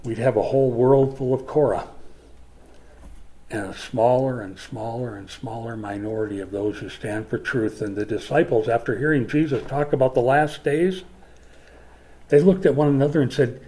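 A man from Minnesota preaching a sermon as a pastor, emphatic and swinging from forceful lines to hushed ones. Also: medium pitch, normal speed. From Minnesota, USA.

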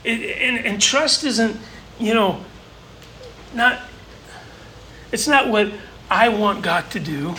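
Male pastor delivering a sermon; high, bright voice, earnest, builds through repetition, light background hum. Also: takes it slowly, long pauses, poor audio. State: briefly choked up.

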